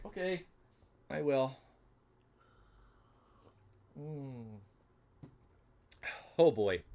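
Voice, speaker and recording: A man hosting a solo livestream giveaway, flustered and muttering to himself as he fumbles with the software. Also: a little high. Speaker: livestream host running a giveaway. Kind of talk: casual solo livestream chat.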